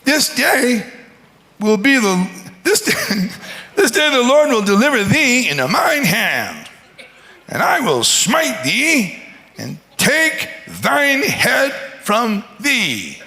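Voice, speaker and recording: A man doing a squeaky, fearless little shepherd boy. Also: wildly swooping pitch, slow, sharp tone, in a large hall, exaggerated voice. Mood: defiant. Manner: defiant, laughing through his lines. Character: small, squeaky-voiced boy hero, fearless.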